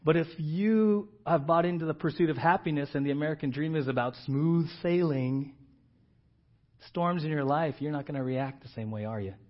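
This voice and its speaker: A male pastor preaching a sermon in a casual, animated storytelling way with everyday slang. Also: on the high side, moderate pace, dull audio.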